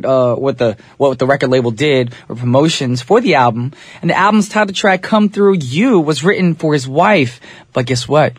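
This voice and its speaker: A man's voice: on the high side, no echo. A man in his thirties hosting a live radio show in a studio, chatting in an upbeat, playful way with casual slang. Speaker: radio DJ host. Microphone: studio microphone.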